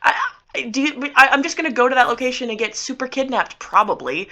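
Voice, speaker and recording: A woman's voice: high-pitched, expressive, fast talker, sharp tone. A woman playing in a tabletop game, rambling playfully and cutting herself off mid-word. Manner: rambling, self-interrupting, playful. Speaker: player. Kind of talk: tabletop role-play chat.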